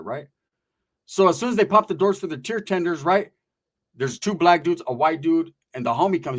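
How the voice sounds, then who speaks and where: A man from Northern California telling a casual story, animated and profane, acting out the voices of the people in it. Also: fairly high pitch.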